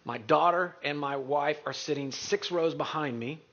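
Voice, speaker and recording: A middle-aged man speaking to an audience, telling a story in an animated way and acting out the voices of others. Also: on the high side, moderate pace. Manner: animated, acts out quoted voices. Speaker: real estate speaker. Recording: dull lo-fi recording.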